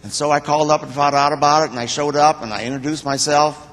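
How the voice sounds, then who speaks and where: An older man giving a personal testimony to a church congregation, speaking in a plain, halting, heartfelt way. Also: a little high, steady tone, fairly bright tone. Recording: long reverb of a church hall.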